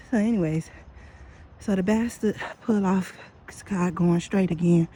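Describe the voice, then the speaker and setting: Female vlogger, warm low-toned voice, loud profane storytelling on a phone while walking, faint outdoor hum behind. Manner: profane, animated,喜 exclamatory. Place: outdoors on a dark street at night.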